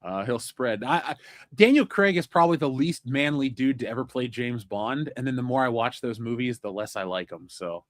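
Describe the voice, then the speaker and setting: A man's voice: mid-range voice, expressive, moderate pace. Blunt opinionated man hosting a podcast. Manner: blunt, opinionated, swears freely. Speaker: podcast host. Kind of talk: casual pop culture chat.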